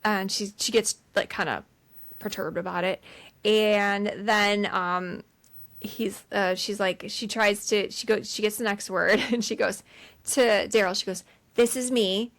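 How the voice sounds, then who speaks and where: A woman's voice: mid-range voice, steady tone, measured pace, fairly bright tone. Woman co-host retelling a movie scene, um and like everywhere, medium voice. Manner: rambling retelling with many fillers. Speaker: podcast co-host. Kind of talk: casual movie rewatch chat.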